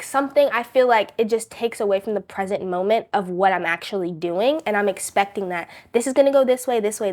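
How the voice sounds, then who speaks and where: A young woman as a podcast guest, telling a story with lots of "like" and fillers in casual chat. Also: medium pitch. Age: young adult. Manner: animated storytelling with many fillers.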